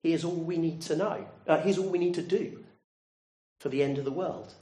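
A man's voice: a little high, brisk, dark tone. A man preaching a sermon, earnestly putting direct questions to his listeners. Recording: roomy echo.

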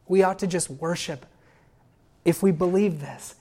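A woman preaching a sermon, reading scripture and hymn lines aloud and building to loud, emphatic exclamations. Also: on the low side, unhurried, pauses often.

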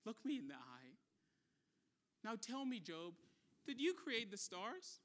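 A preacher voicing God as a majestic male figure questioning a man during a sermon. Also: very animated. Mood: commanding. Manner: slow, low, stern questioning.

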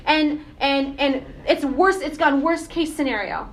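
A woman giving a casual, animated sermon, often asking the congregation questions. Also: sits high, unhurried. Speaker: preacher.

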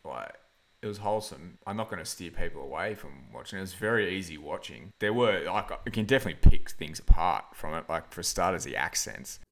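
Male podcast host, low and animated, loose chatty review talk full of fillers. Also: brisk, a little hiss or hum. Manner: rambling, filler-heavy, laughs often. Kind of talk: casual film review chat.

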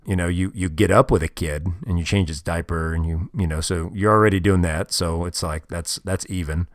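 A man's voice: sits low, fairly even intonation, brisk, dry recording, clean studio sound. A man hosting a casual solo podcast, telling a long story in a tired, rambling, frank way with crude words. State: tired, yawning. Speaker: podcast host.

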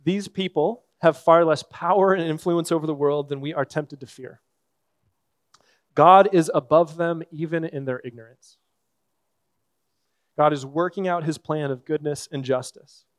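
Man, pastor, sermon, earnest conversational delivery, slightly high pitch, dry sound. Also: fairly even intonation, no room sound. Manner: earnest, conversational preaching with pauses.

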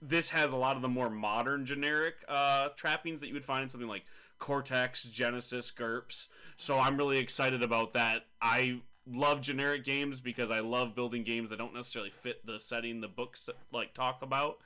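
A man in his thirties, co-hosting a casual tabletop podcast. His voice has a bright, forward ring at an ordinary pitch. He rambles good-naturedly, teasing his co-host and trailing into fillers. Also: fairly even intonation, moderate pace, clear, resonant tone. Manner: joking, mock-scolding, rambling with fillers. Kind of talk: casual chat about tabletop games.

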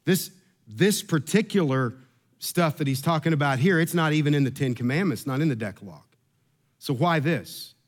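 A middle-aged pastor with a drawl preaches in a fairly high voice. He is earnest and often repeats his words as he builds toward a funny story from his own life. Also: animated, normal speed. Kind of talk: sermon with humorous personal story.

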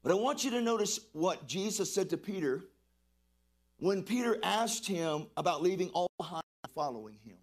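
A middle-aged man preaching a lively sermon, calling on the congregation to respond and shouting praises. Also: sits high, moderate pace. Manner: exuberant, call-and-response preaching. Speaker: pastor.

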